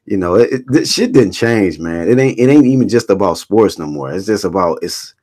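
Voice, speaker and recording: A man's voice: fairly low pitch, lively intonation, a little fast, a little mellow. A man rambling through casual live-stream commentary, reading chat comments and reacting in an incredulous, profane way.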